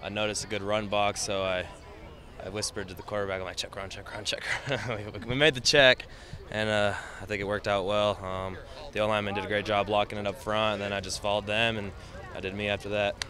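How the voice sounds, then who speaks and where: A man's voice: fairly low pitch, a little fast. Easygoing young male football player. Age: young adult. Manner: relaxed, easygoing, laughs between phrases. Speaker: college football running back. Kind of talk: post-practice press interview. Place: outdoors after a scrimmage.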